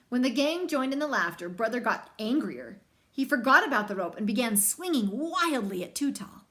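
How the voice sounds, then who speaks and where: A young woman reading a children's picture book aloud, with lively, chatty asides to young listeners. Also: medium pitch, moderate pace. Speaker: storybook reader.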